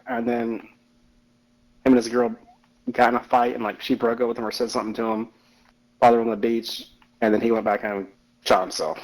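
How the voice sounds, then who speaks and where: A man with a twang tells a long, rambling story to a friend, cursing constantly and padding every sentence with "like." His voice sits at a middle pitch, and he talks with loose, offhand looseness. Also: darkish tone, rough recording. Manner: rambling storytelling, heavy swearing, lots of "like". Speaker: gamer chatting with a friend. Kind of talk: casual chat over a game.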